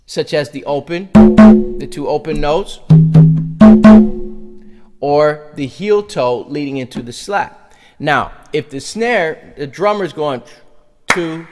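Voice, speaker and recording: A man's voice: fairly high pitch, lively intonation, slow, long pauses, soft background music. A man teaching a conga lesson, counting beats aloud and vocalizing drum sounds as he demonstrates. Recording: reverberant room with loud congas.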